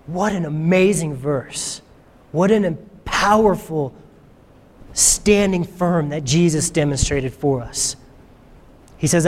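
A man's voice: a little high, unhurried. A man preaching a sermon as pastor, fervent and emphatic, often repeating his phrases for effect. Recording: long reverb of a large hall.

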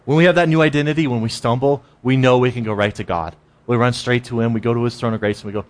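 A man's voice: mid-range voice, steady tone, fast. Conversational man preaching a casual sermon. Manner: conversational, repeats words, acts out inner voices.

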